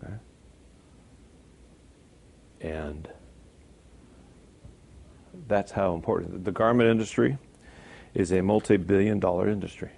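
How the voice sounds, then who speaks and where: A deep-voiced man preaches a sermon conversationally, speaking a little slowly with vocal fry and long pauses. Now and then he bursts into loud emphasis, and he acts out the voices of people he quotes.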